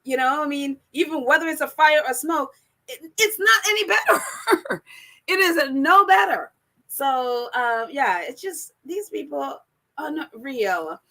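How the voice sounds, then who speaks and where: Female livestream host, high and bright, loose casual chat, frequent laughter, voice all over the place. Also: expressive, measured pace. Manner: laughs often, voice jumps around in pitch. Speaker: livestream host reading viewer comments.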